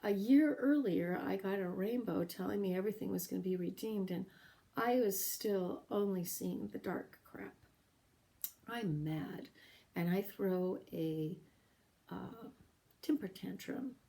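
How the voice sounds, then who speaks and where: A woman's voice: fairly low pitch, gravelly, warm tone. Earnest middle-aged woman telling her story. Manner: earnest, emotional, with halting pauses. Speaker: podcast host sharing her story. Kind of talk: personal storytelling.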